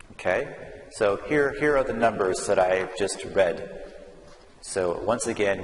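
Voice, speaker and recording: A man teaching an English lesson to learners, speaking slowly and carefully and repeating words so they can follow. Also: fairly low pitch. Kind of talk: slow classroom lesson. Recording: echoey room with long reverb, faint noise.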